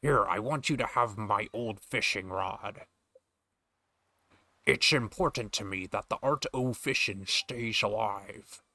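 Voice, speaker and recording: A man voicing a gruff old male sailor-fisherman, drawling slowly and slurring his S sounds into SH. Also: on the low side, sharp tone, no room sound, exaggerated voice. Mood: hearty.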